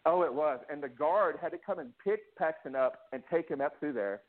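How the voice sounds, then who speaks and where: A man's voice: a little high, fairly quick. Man telling his story over a phone line. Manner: emotional, restless, many restarts and acted-out quotes. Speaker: interview guest. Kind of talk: candid personal storytelling.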